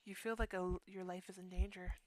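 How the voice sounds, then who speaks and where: In a poor, dry recording, a woman streamer with a fairly low voice and little pitch movement reads horror game text aloud. She goes slow and deliberate, often dropping almost to a whisper, and adds quick asides between passages.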